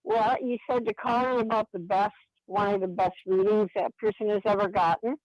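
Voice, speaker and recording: A woman's voice: mid-range voice, steady tone, moderate pace, no room sound. Older woman chatting on a dry phone line. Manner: chatty, retells with quoted dialogue. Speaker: caller. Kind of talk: phone-in storytelling.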